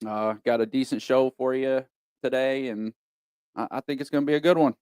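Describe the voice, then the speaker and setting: A man co-hosts a sports podcast in an easygoing, rambling way, circling back over the same points. His voice is mid-pitched and smooth. The recording is dry and intimate. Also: fairly quick, a little mellow, dry recording. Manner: laid-back, rambling, repeats himself. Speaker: podcast co-host. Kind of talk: casual sports podcast chat.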